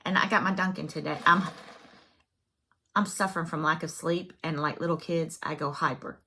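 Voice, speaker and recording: A woman's voice: deep voice, steady tone, normal speed, pushed and bright, breathy edge. A woman chatting casually as a cross-stitch vlogger, self-deprecating and full of fillers. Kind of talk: casual chat.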